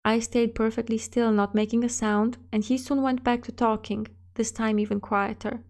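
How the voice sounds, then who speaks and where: Higher-pitched woman reading a horror story. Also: little pitch movement, moderate pace, a little mellow. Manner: childlike first-person storytelling. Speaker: story narrator. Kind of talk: scripted horror story narration.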